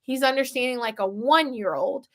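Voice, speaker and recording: A woman with a high voice speaks casually and earnestly about parenting her young child. She drifts into fillers and side remarks as she explains. Her tone is warm in wording but plain in delivery. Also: moderate pace. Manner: earnest, chatty, with many fillers and soft asides. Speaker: parent talking about her autistic toddler. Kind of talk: casual explanatory talk to camera.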